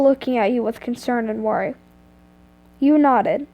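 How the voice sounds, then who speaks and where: A woman's voice: a little high, normal speed, warm tone. A woman reading a fan story aloud, often stumbling and correcting herself. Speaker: reader of fan fiction.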